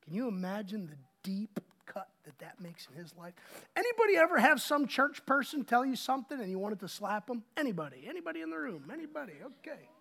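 A man preaching a sermon as pastor, swinging between loud emphasis and hushed asides. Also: extremely high pitch, sing-song, a little fast, creaky.

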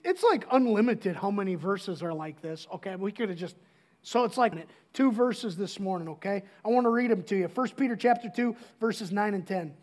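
A middle-aged man preaching a sermon as pastor, casual and joking, often restarting his sentences. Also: very high-pitched.

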